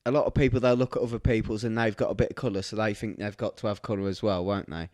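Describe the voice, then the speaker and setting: A man's voice: fairly low pitch, steady tone, rapid-fire, a little mellow, no room sound, studio quality. A man, a tattoo artist co-hosting a casual podcast, teasing his partner and laughing often. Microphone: podcast microphone.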